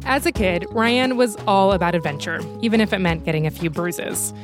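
A woman hosting a podcast, telling a true story in scripted documentary narration with a measured storytelling manner. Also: medium pitch, expressive, over music.

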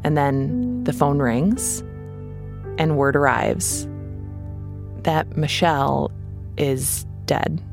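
Low-voiced woman narrating a podcast. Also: steady tone, drawn-out words, gravelly, long pauses. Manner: blunt, wry narration. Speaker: podcast host. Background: music.

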